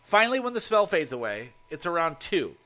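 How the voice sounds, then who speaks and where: A man narrating a first-person horror story, swearing freely and telling it with animated energy. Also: on the high side, brisk.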